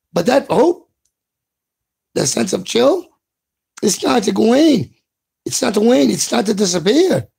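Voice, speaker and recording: A man's voice: high voice, vocal fry, warm tone, husky. A man delivering an impassioned, profane video rant as a commentator. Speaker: political commentator.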